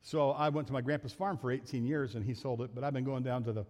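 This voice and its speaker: A middle-aged man, a pastor, preaching a sermon in a folksy way, rising to loud emphatic peaks and dropping back to asides. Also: mid-range voice, steady tone, fast talker. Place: church sanctuary. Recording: long reverb of a church hall.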